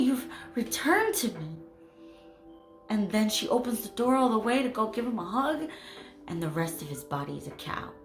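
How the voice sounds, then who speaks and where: Low-voiced woman retelling a horror story. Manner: chatty, animated, many fillers and asides. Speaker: channel host retelling a horror manga. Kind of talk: casual storytelling recap. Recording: echoey room with faint music.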